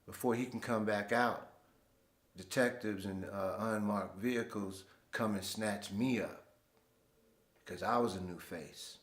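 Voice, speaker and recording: Hosting his own show, this man spins stories in a relaxed, slang-filled monologue. His lowish voice takes its time, and the sound reverberates.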